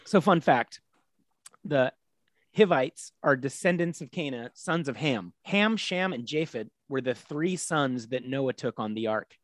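A man's voice: mid-range voice, animated, unhurried, no room sound. A man hosting a comedy podcast, casually retelling a story in an irreverent, crude way. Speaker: podcast host.

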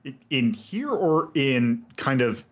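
A man running a tabletop role-play game as game master. He explains the setting hesitantly, with many fillers and restarts. His voice sits at an ordinary middle pitch. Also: very animated, slow pace. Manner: hesitant, full of fillers, explains rules at length.

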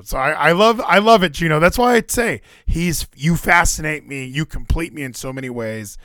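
A man hosting a loose online chat, teasing a friend with mock-inspirational speeches. His voice sits a little high and swings widely in pitch. The sound is dry and close. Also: expressive, normal speed, hardly any pauses, pushed and bright, no echo. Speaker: streamer host.

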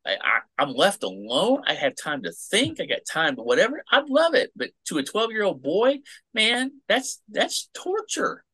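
Male co-host, bright and forceful, profane and animated. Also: sits high, moderate pace, slightly rough, dry recording. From United States. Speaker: podcast co-host. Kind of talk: casual chat.

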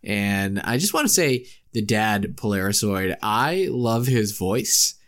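An excitable man co-hosting a podcast, his pitch swinging widely as he rambles through asides. He laughs and swears easily in loose, casual chat. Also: slow pace. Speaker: podcast co-host.

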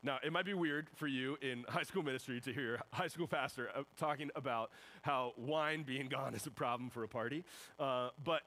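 A young man, a high school pastor, giving a casual youth sermon and acting out little voices in the quotes. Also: normal speed, bright, forceful tone, low-quality recording.

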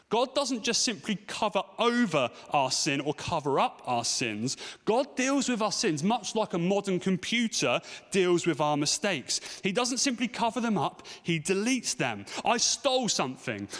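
A man's voice: high voice, a bit bright. A man in his thirties preaching a sermon to a congregation, telling stories and asking the room rhetorical questions. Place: church hall. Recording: long hall reverb.

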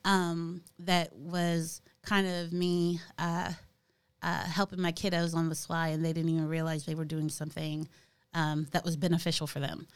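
A woman's voice: deep voice, flat delivery, normal speed, smooth. A middle-aged woman talking casually as a podcast co-host, chatty and hesitant, with many ums and restarts. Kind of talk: casual chat.

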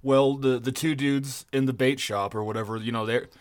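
A man's voice: mid-range voice, fairly even intonation, moderate pace. Young man, tired, wry humor, casual podcast co-host. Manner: wry, joking, laughs often. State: tired, early morning.

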